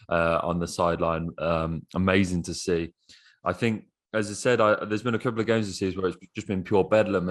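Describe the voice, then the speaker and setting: A man with a very deep voice co-hosts a casual football podcast. He talks in an excitable rush and swears freely. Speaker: podcast co-host.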